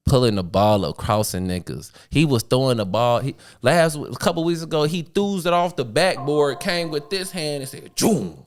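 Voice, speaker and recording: Slangy, animated man, smooth clear voice. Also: fairly high pitch, moderate pace, hardly any pauses. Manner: slangy, laughing, animated storytelling. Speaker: podcast co-host. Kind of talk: casual chat.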